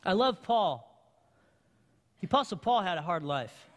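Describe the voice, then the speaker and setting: Male pastor, very high voice, slow emphatic preaching, long church reverb. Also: sing-song. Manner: emphatic call-and-response preaching, slow deliberate phrasing. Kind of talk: sermon. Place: church sanctuary.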